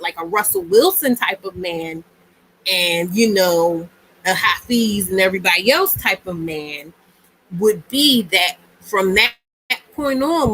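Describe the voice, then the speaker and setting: A woman's voice: medium pitch, pushed and bright, slightly rough, rough recording. A woman hosting a casual live-stream talk, speaking in a chatty, emphatic way and often repeating herself. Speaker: host.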